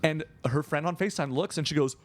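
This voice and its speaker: A man's voice: fairly high pitch, fast. A young man in a casual interview, telling an anecdote and acting out the voices of the people in it. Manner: animated, acts out the voices of people in his story. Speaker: guest, content creator.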